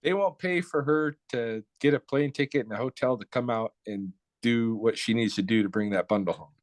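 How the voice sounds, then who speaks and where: A man's voice: medium pitch, a little fast, dry recording. Blunt, profane man telling a story. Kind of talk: casual spoken storytelling.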